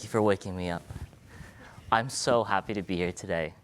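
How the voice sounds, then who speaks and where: A man in his twenties, a medical student giving a playful, energetic live talk to an audience in an event room. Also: low-pitched, normal speed, long pauses, slight background noise.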